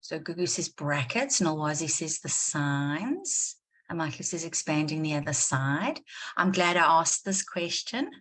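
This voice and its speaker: South african woman teaching maths live online, lowish voice, keeps asking the class stuff and says often often often for emphasis. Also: animated, unhurried, a bit bright. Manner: questioning, encouraging, repeats for emphasis.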